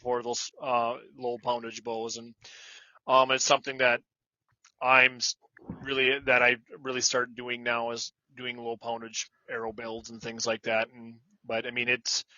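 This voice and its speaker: Male interview guest, hesitant with fillers, strongly bright and tense tone, dull dry recording. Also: medium pitch, monotone, unhurried, no room sound. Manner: hesitant, many fillers and restarts. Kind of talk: casual interview chat.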